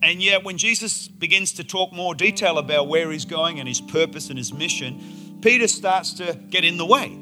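Animated, bright-voiced male preacher. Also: fairly high pitch, normal speed, faint music behind. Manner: animated, enthusiastic storytelling with playful asides. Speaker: pastor. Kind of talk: sermon. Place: church auditorium before a congregation.

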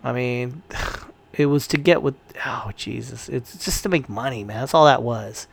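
A man's voice: medium pitch, a little slow, vocal fry. A man ranting in a casual commentary, heated and profane, rambling with frequent restarts.

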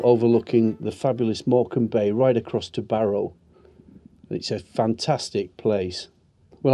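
A man's voice: mid-range voice, dark tone. A man who was a military medic tells rambling, earnest anecdotes in a street interview outdoors on allotments.

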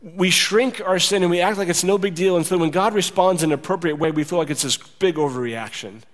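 A man's voice: high-pitched, fairly quick. Man preaching in a reverberant hall. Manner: conversational preaching, acts out quoted voices. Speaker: pastor. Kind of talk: sermon. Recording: long reverb of a large hall.

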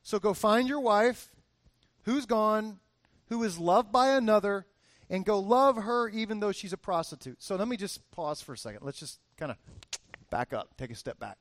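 A man's voice: high-pitched, normal speed, dry recording. A man in his forties preaching a casual, conversational sermon that rises into emphatic bursts. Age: 40s. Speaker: pastor.

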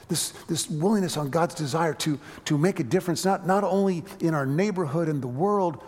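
A man preaching a sermon, telling a personal story with animated energy and frequent halting restarts. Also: on the high side, creaky, big-room sound. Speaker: pastor.

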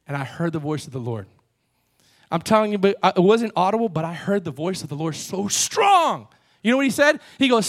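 High-voiced animated preacher, man. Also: a little fast. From Cuban background. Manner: animated, swings from loud peaks to low asides. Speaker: pastor. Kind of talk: sermon.

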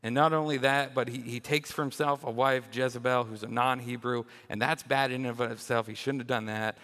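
A young man preaches with lively, playful energy, repeating words as he restarts his thoughts. His voice sits at an ordinary middle pitch. The sound carries the long reverb of a large church hall. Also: brisk. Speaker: children's minister. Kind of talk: animated sermon.

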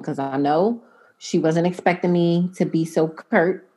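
A woman's voice: low voice, moderate pace, slightly rough. A young adult woman chatting casually and telling a long story, acting out what people said. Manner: animated storyteller, quotes herself and others in voices.

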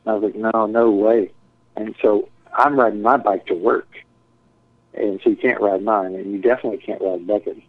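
A man's voice: on the low side, steady tone, moderate pace, no room sound. A man casually telling a rambling story full of swearing and acted-out quotes. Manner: profane, rambling, acts out quotes. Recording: tinny phone-like dry sound.

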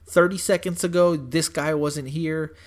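A man's voice: fairly high pitch, measured pace. Swearing young guy telling a story. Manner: profane, animated, says "dude" and "bro" constantly. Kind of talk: casual storytelling chat.

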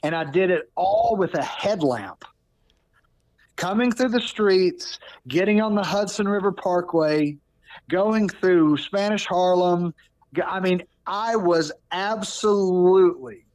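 A man in his thirties telling a personal story in casual talk, animated, often restarting and repeating words. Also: sits high, slow pace, dry recording. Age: 30s. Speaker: podcast guest.

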